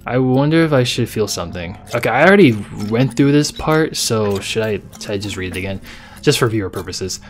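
Very low-voiced, excitable gaming woman. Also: fairly quick, faint music behind. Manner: loud, swearing, excitable reactions. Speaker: gaming video host. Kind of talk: let's play commentary, reading game dialogue.

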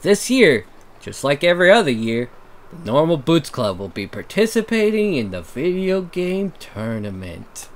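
A man playing a loud, hyped-up male radio show host making an announcement during a game playthrough. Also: very animated, moderate pace. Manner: booming announcer delivery.

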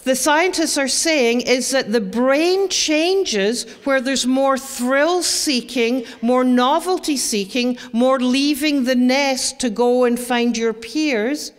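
A middle-aged woman speaks to an audience of parents in an emphatic, animated way, slipping in asides. Her voice sits a little high, and she takes her time. The sound carries the long reverb of a large hall. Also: slow pace, few pauses. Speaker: presenter on teen brain development for parents. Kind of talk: presentation to an audience.

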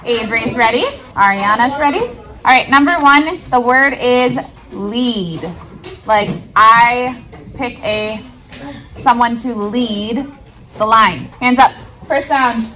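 Young woman teacher, bright voice. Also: on the high side, takes it slowly. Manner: loud clear teacher voice to the class, soft and quiet when talking to camera. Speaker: elementary school teacher. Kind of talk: casual vlog and classroom spelling lesson. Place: classroom.

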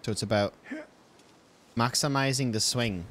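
A man's voice: mid-range voice, measured pace, a bit bright. A man giving casual let's-play commentary, exasperated and swearing as he pleads with his game character. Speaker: gaming video host.

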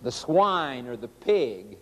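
Folksy middle-aged male preacher, high animated voice, hall echo. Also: takes it slowly. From rural United States. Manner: addresses the audience as folks, acts out quotes in a raised voice. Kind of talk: sermon.

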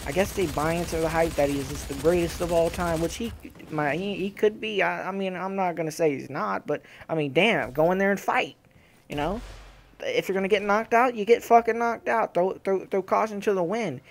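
A young man giving casual, profane reaction commentary on fights, animated and trash-talking. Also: fairly high pitch, fairly quick. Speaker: gaming channel host.

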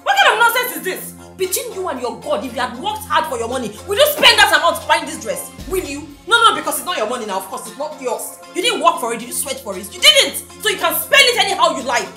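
A woman's voice: sits high, big pitch swings, fast, few pauses, bright, forceful tone, reverberant, soft background music, heavily acted. A scornful rich girlfriend. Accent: Nigerian. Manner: mocking, scolding, sarcastic. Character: scornful rich young woman scolding her idle boyfriend.

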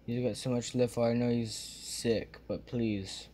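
A young man talking casually to his camera in a small room, his thoughts wandering as he loses track with ums and restarts. His voice sits at an ordinary middle pitch. A faint hum of room ambience sits under it. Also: flat delivery, slow pace, warm tone. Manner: scattered, forgetful, many fillers and restarts. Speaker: vlogger. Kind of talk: rambling casual vlog.

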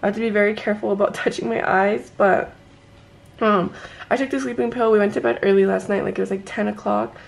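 Gushing young woman with a gravelly voice. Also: mid-range voice, quick pace. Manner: gushing, excited, says "like" a lot. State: teary and emotional; just woke up, sleepy voice. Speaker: vlogger. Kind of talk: casual vlog to camera. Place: at home. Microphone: handheld camera.

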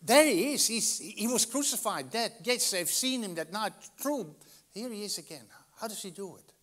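A man preaching a sermon as pastor, telling a story dramatically with big swings between loud and soft. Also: lively intonation. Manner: dramatic storytelling with wide swings in loudness and pitch; slow, deliberate delivery with long pauses.

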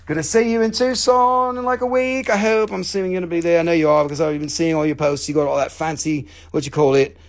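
Man, high voice, hosts a live rock sale, jokey and rambling, swears casually. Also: steady tone, fast talker, few pauses. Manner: joking, rambling, salty language. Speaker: host selling minerals on a live stream. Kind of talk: casual live sales chat.

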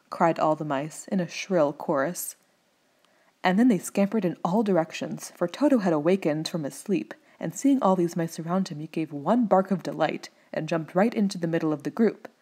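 A woman narrating a children's storybook as an audiobook reader, in a calm and measured way. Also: on the low side, husky.

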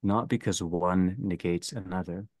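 A man leading a theology seminar, speaking slowly and deliberately and restating each phrase. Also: low-pitched, steady tone, a little mellow, no room sound. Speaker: seminar leader. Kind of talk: theology lecture.

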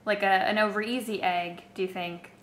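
A woman's voice: medium pitch, fairly even intonation, normal speed, fairly bright tone, slight background noise. Teasing upbeat woman host, echoey room. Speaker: vlog host. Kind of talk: casual chat.

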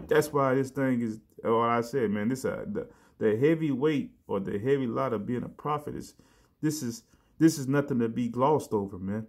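Casual man preaching, middle pitch. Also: a little mellow. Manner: conversational, repeats "man" and "you know", restarts phrases; reads verses slowly with emphasis. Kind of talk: casual sermon with scripture reading.

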